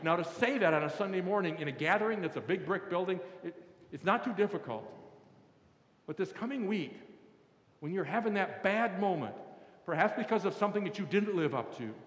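A male pastor giving a conversational sermon and leading the congregation in repeating a phrase. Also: high-pitched. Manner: conversational, leads congregation in call-and-response. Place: large church hall. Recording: roomy hall with long reverb.

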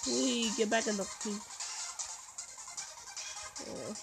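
Woman commenting on gameplay, higher voice, slow unhurried delivery, playful trash talk, game music behind. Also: creaky, rough recording. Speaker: gameplay video host.

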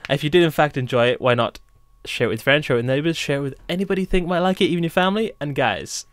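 Talking rapid-fire in a voice on the high side, a young man hosts a let's play, rambling and thinking aloud as he builds. It's casual gameplay commentary in a dry recording.

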